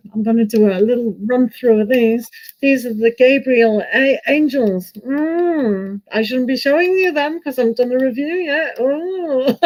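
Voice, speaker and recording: A woman's voice: sits high, low-quality recording. A woman hosting a live tarot stream, chatty and self-mocking, laughing often as she talks. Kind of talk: casual live stream chat.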